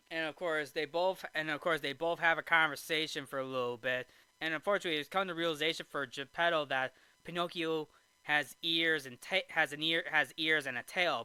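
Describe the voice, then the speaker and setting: Bright, clear-voiced man recapping a film. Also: a little high, no room sound. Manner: rambling, with restarts and asides. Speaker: movie review host.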